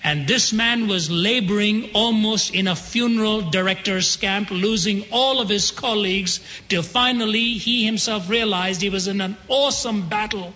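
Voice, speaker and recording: A man preaching a sermon, telling a story with dramatic pauses and slowing down for emphasis. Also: sits high, sharp tone. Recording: dull sound with long hall reverb.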